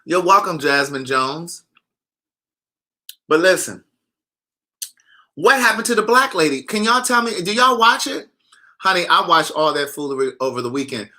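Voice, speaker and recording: Male host, sassy, animated gossip chatter, very bright and forceful tone. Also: on the high side, normal speed, pauses often. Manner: animated, sassy, talks straight to viewers. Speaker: author hosting a live chat. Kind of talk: casual gossip chat reading viewer comments.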